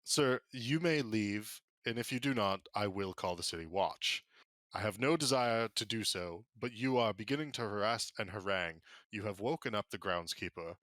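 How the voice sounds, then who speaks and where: A man's voice: lowish voice, expressive, moderate pace, a bit bright, dry recording. A man doing a haughty, curt butler. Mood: stern. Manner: formal, curt, condescending. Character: haughty, cold male butler.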